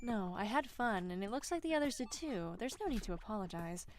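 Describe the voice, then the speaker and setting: A woman streamer and voice actor reading a visual novel aloud, with casual, deadpan asides between the lines. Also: medium pitch, fairly quick, a little hiss or hum. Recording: game music behind.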